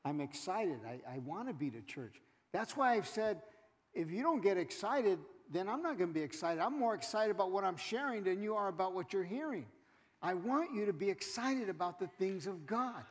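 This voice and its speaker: In a reverberant church sanctuary with the congregation present, a male pastor with a high, expressive voice preaches at a moderate pace. He calls out to the congregation and acts out churchgoers in quoted asides.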